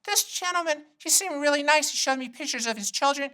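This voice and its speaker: A man doing a fussy old mother in her eighties, rambling and repeating herself, her voice pitched well up from his own and softer. She has an edge to her and chatters on. The tone is bright and clear. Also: fairly quick. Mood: chatty.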